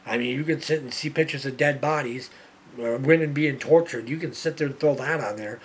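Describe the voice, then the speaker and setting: A man's voice: medium pitch, a little fast, slight background noise. A man hosting his own show, ranting in an exasperated way, repeating himself and restarting his sentences. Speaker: show host. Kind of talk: ranting monologue.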